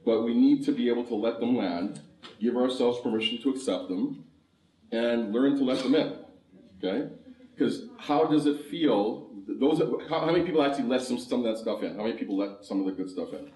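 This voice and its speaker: A man's voice: mid-range voice, brisk, darkish tone. A man from Canada leading a conference workshop, laughing often and asking the audience questions. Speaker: conference speaker. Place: conference hall. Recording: roomy hall, mic far off.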